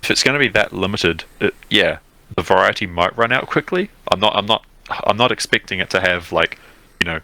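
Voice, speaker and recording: A man's voice: sits low, lively intonation, brisk, vocal fry, bright, forceful tone, no room sound, low-quality recording. A man co-hosting a podcast, rambling casually with fillers and restarts. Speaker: podcast co-host. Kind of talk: casual chat.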